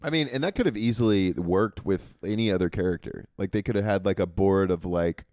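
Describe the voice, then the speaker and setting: A man's voice: low voice, fairly quick, darkish tone, no room sound, clean studio sound. Laid-back man joking along. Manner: laid-back, agreeing, adds short jokes. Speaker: podcast co-host. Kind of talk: casual chat.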